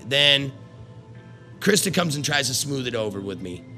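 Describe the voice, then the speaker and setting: With faint music in the background, a middle-aged man who used to work the carnival tells a story at normal speed. His medium-pitched voice is sing-song, bright, and forceful. It's casual, blunt, and profane, with constant swearing, rambling, and restarts.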